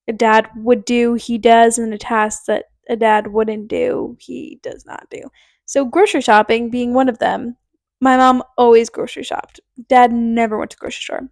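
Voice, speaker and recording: A woman's voice: fairly high pitch, a little mellow, dry recording, studio quality. A young woman in her twenties hosting a podcast, telling casual rambling stories full of "like" and acted-out quotes. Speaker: podcast host. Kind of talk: casual storytelling monologue.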